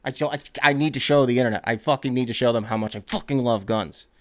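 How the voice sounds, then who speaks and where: A man's voice: mid-range voice, quick pace, lightly acted. A man mimicking a brash young basketball star. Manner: profane, blustering, repetitive. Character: brash young male basketball star who loves guns.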